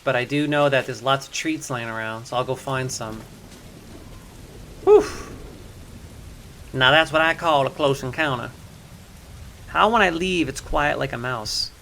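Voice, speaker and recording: A man streaming a video game live, talking his moves through aloud to his chat, and loud and jumpy whenever something startles him. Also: mid-range voice, normal speed, vocal fry, long pauses, slight background noise. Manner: chatty, thinks aloud to chat. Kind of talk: live gameplay commentary.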